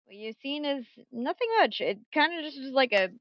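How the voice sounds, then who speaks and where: A woman running a tabletop game as game master, casual and animated, swearing freely, at her computer mic. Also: high voice, brisk, no room sound, dull audio.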